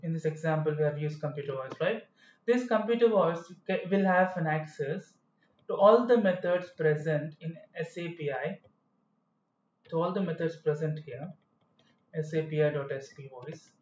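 A man's voice: a little high, normal speed, a little mellow. Rambling man teaching code. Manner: rambling, self-correcting explanations. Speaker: programming tutor. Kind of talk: screen-recorded coding tutorial. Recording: echoey, dull room sound.

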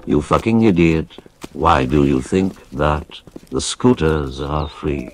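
Very deep, scornful game character. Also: male voice, slow pace, a little hiss or hum. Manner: contemptuous, mocking. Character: scornful male game character mocking the player.

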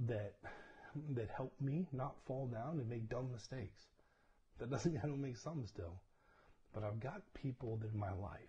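A man's voice: medium pitch, dark tone. A man preaching a casual livestreamed sermon, talking conversationally, often checking in with "okay?" and laughing at himself as he tells personal stories. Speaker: pastor. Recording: dull lo-fi livestream audio with faint noise.

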